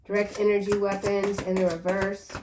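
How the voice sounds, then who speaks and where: A woman giving a casual tarot reading in a chatty, slangy way, breaking into excited exclamations. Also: mid-range voice, normal speed, noisy background. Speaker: tarot reader.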